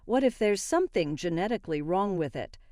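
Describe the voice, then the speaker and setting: A woman voicing a sharp-tongued sister who talks in a quick, sharp way. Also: fairly low pitch, expressive, dry recording, clean studio sound, lightly acted.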